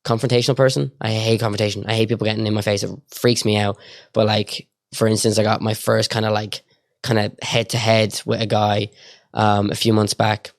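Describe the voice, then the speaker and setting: A young Irish man chatting as a podcast guest, telling stories in a rapid, rambling way with lots of filler words. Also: lowish voice, little pitch movement, gravelly, dry recording, clean studio sound. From Ireland. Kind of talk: casual storytelling chat.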